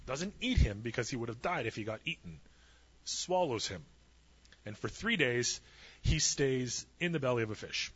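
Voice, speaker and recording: A man's voice: medium pitch, animated, normal speed, a bit bright, breathy edge, lo-fi sound. A man preaching a sermon, retelling a story with humorous asides and acting out the voices in it. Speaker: pastor.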